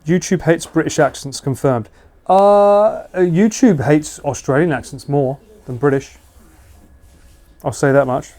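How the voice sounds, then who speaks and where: A man's voice: fairly high pitch, measured pace, a little mellow. A man casually chatting with viewers during a live stream, joking and laughing often. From United Kingdom. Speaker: livestreamer. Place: house.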